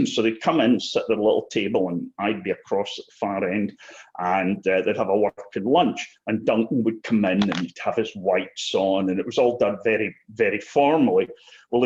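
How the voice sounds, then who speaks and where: Man, 60s, mid-pitched, rambling anecdotal guest, muffled lo-fi recording. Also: a little mellow. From Britain. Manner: anecdotal, frequent throat clearing. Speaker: interview guest, former paratrooper. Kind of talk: casual storytelling. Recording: slightly muffled lo-fi audio.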